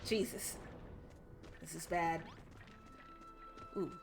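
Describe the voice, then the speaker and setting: A woman's voice: fairly low pitch, fairly even intonation, extremely slow, vocal fry. A young woman streamer giving casual gameplay commentary, joking and swearing to herself as she plays. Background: game music.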